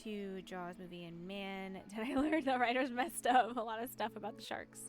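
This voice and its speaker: A woman's voice: mid-range voice, fairly even intonation, moderate pace, faint music behind. A woman streamer chatting casually and rambling while she plays, often giggling. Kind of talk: casual chat while gaming.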